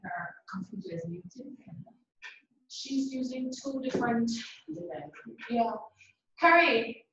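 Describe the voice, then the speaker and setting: A woman's voice: fairly high pitch, animated, slow pace, long pauses, a bit bright, muffled recording. Distant Jamaican woman in an echoey room. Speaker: student. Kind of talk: class participation.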